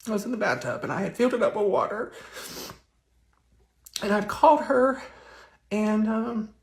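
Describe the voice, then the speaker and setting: Guy on a livestream, gravelly, keeps stopping and restarting, soft, roomy echo around him. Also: high voice, big pitch swings. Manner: halting, soft-spoken, with many restarts. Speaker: network marketing recruiter. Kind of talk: confessional livestream.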